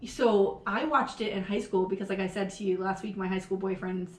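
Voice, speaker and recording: A woman's voice: mid-range voice, steady tone, fairly quick, darkish tone. A woman co-hosting a podcast, chatting casually, laughing often and swearing freely. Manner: laughing, profane, quotes film lines in put-on voices. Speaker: podcast co-host. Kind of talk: casual chat. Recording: echoey room.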